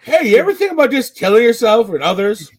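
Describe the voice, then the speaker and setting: A man's voice: extremely high pitch, big pitch swings, fast talker, breathy edge. A young man co-hosting a podcast, riffing in a casual chat, swearing a lot and acting out little scenes. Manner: joking, profane, acts out scenes. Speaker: podcast co-host.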